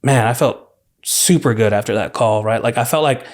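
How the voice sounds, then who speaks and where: A young man from California, a university student, telling his story as a podcast guest in a relaxed, rambling way, full of "like" and "you know". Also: medium pitch, normal speed. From California, USA. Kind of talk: casual storytelling interview.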